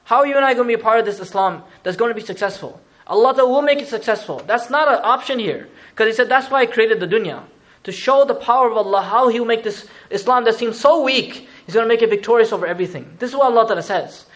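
A man gives a sermon in a high, quick voice. He moves from recited verses to loose, chatty explanation and throws in slangy asides along the way. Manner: conversational, mixes Arabic recitation with English explanation; animated, uses asides and slang. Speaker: Islamic preacher.

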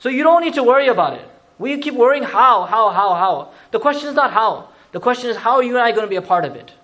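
An Islamic preacher delivers a sermon in a high, rapid voice, shifting from Arabic verse recitation into relaxed, conversational English explanation. He's animated, dropping in slang and side remarks as he goes.

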